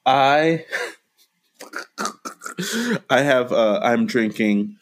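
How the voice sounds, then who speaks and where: A man's voice: medium pitch, drawn-out words. A man co-hosting a movie podcast in casual chat, teasing his partner and rambling through stories. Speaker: podcast co-host.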